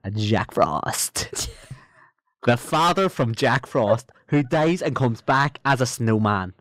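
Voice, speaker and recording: A young Irish man co-hosts a podcast, cracking jokes in a flat, deadpan way and swearing now and then. The recording is close and dry, with no echo. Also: medium pitch, takes it slowly. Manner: deadpan joking, swears casually. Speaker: podcast co-host. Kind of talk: casual chat.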